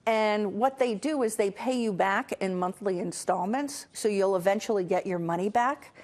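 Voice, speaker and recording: A woman's voice: medium pitch, moderate pace, darkish tone. Earnest woman telling kind stories. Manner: earnest storytelling with many fillers and restarts. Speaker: host. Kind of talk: casual motivational talk.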